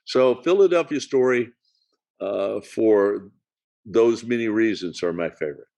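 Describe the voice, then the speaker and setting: A man's voice: lowish voice, expressive, unhurried, vocal fry, mellow. A man co-hosting a podcast, talking casually about old films with many fillers and restarts. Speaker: podcast co-host. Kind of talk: casual film discussion.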